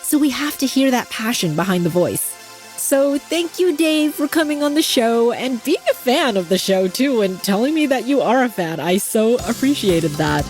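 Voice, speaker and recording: A woman hosting a podcast interview, lively and laughing often as she wraps up and speaks to listeners. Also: fairly high pitch, moderate pace, soft background music. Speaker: podcast host. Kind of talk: casual interview chat.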